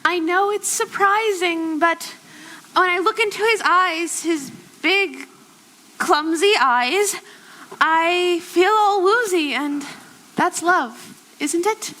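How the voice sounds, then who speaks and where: Fields: sex: female. Figure: a tipsy, drawling chaperone. Pitch: very high, bright. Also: slow pace, exaggerated voice. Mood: dreamy. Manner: drawling, theatrical. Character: tipsy, grand woman chaperone. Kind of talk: stage musical acting.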